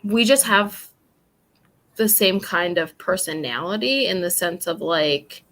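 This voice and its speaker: Young new york mom on a chatty podcast, loud mouthed and blunt, laughs a ton, bright voice. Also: female voice, on the low side, lively intonation, measured pace. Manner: blunt, rambling, laughs often. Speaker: podcast co-host. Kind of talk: casual chat.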